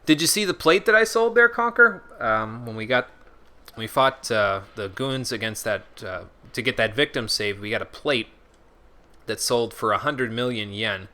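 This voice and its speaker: Bright-voiced male game streamer. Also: medium pitch, moderate pace. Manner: reads game menus aloud, chatty asides to viewers. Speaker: gaming streamer. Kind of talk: casual let's-play commentary.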